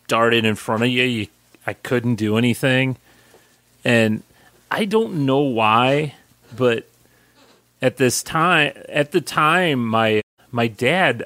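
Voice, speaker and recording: A married man co-hosting a podcast, talking in easygoing, halting casual chat with fillers and restarts. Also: mid-range voice, fairly bright tone, no echo. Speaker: podcast co-host.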